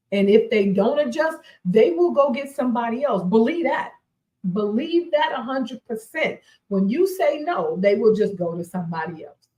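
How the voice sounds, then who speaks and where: A woman's voice: fairly high pitch, dark tone. A woman in her forties hosting a faith-based talk show, speaking emphatically, repeating her key points and laughing often. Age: 40s. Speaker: radio show host. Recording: roomy echoey sound.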